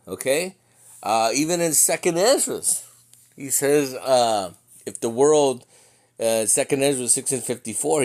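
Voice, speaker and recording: A man teaching scripture in an informal, conversational way, slowing down to read verses aloud and often checking in with his listeners. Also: medium pitch. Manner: conversational, checks in with "okay?" and "right?". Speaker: bible teacher.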